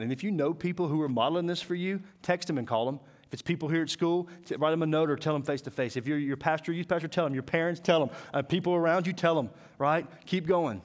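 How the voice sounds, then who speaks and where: A man preaching to a school, telling folksy stories, acting out voices and dropping to a hushed, intense tone. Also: mid-range voice. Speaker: school chapel speaker. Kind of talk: sermon.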